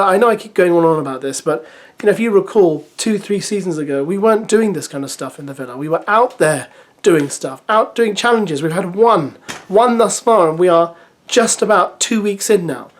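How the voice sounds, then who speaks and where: A reality TV recap host reading a press release aloud and giving casual, opinionated commentary. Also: mid-range voice.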